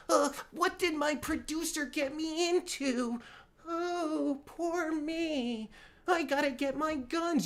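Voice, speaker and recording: A man's voice: high-pitched, gravelly, fairly bright tone. A man hosting his own livestream, reacting to a clip in an exasperated, sarcastic and stammering rant. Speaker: podcast host reacting to a clip.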